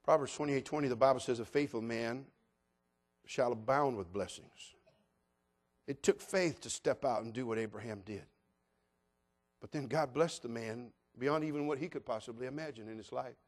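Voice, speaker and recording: A man preaching a sermon as pastor, folksy and full of jokes, swinging between loud declarations and hushed asides. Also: medium pitch, moderate pace.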